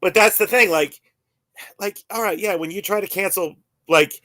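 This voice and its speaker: A man in his forties talks casually on a podcast, circling his point with fillers and restarts. His voice sits a little high. The recording is dry and close, with no room sound. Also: normal speed, bright, forceful tone, no echo. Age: 40s. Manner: rambling, full of fillers and restarts. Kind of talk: casual chat.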